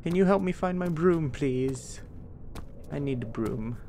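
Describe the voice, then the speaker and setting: A man giving casual let's-play commentary, swearing a lot, excitable, and talking to himself as he plays. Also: on the high side, unhurried, a little hiss or hum. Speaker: gameplay streamer.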